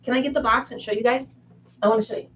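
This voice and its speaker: A woman's voice: fairly high pitch, steady tone, rapid-fire, fairly bright tone. Woman, live chat host, giggly, self-mocking, chatty, slightly muffled recording, faint background hiss. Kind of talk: casual live chat with viewers. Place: a room at home.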